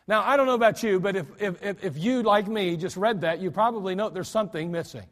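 Brief: male pastor, emphatic sermon delivery with restarts, high-pitched, in a reverberant church. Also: fast, few pauses, a bit bright. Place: church sanctuary.

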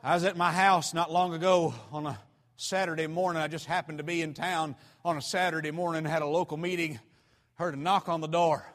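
A man from North Georgia with a Southern American accent, preaching a sermon as pastor with loud storytelling. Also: a little high, fairly even intonation, a little fast. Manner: loud storytelling, swinging into shouts. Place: church. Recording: reverberant church hall.

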